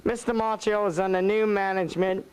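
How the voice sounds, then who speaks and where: A man's voice: high voice, level tone, a little fast, smooth, lightly acted, rough recording. A man playing a brash wrestling manager with a put-on Australian accent, taunting and boastful in a TV promo. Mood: scornful.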